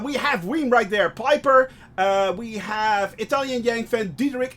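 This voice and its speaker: A man streaming a flight simulator, chatting through his flight with lots of fillers and bursts of excitement. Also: high voice, a little hiss or hum. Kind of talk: live gameplay commentary.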